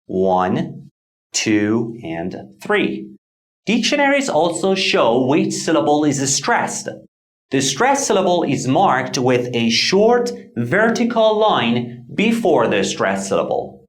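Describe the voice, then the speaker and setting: A man teaching English pronunciation in scripted lesson narration, clear and deliberate as he models words. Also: fairly high pitch, sing-song.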